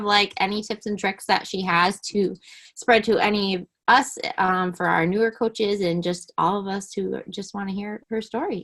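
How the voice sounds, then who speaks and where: A woman's voice: medium pitch, a bit bright. A woman hosting a team call, enthusiastic and upbeat as she introduces the guest speaker. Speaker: team call host, coach.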